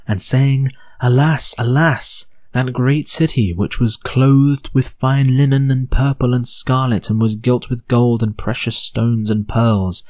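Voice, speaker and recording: An Englishman reads scripture aloud as an audiobook narrator, pacing each phrase with solemn deliberation. His voice sits on the low side and is recorded dry, with no room sound around it. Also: dark tone, dry recording.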